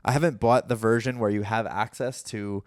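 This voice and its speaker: A man's voice: fairly low pitch, steady tone, normal speed, no echo, studio quality. A young man, a comedian from Philadelphia, chatting casually on a podcast, rambling with many fillers and the odd swear word. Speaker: guest comedian.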